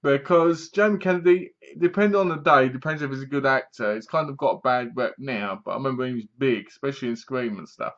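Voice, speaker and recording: A man's voice: mid-range voice, quick pace, few pauses, fairly bright tone. A man casually reviewing a film to his webcam, retelling the plot in a rambling way and laughing at the jokes. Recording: dull lo-fi webcam audio.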